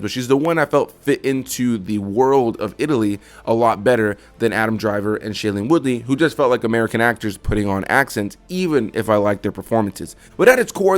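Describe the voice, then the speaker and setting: Fast-talking man reviewing a film. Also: medium pitch. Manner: earnest, candid, repeats phrases for emphasis. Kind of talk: casual spoken movie review.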